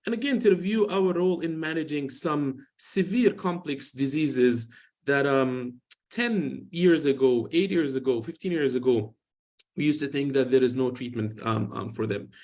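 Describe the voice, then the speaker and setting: A man's voice: mid-range voice, moderate pace, darkish tone. A man in his forties, a dermatologist, giving a conversational medical lecture in a loose, rambling way full of "you know" and restarts, telling patient stories. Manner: tells patient stories informally.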